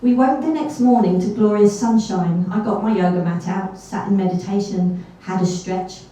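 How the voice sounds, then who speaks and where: A woman's voice: medium pitch, normal speed, warm tone. A woman telling a true story on stage at a live event, chatty and self-deprecating, with little asides. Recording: echoey hall from far off.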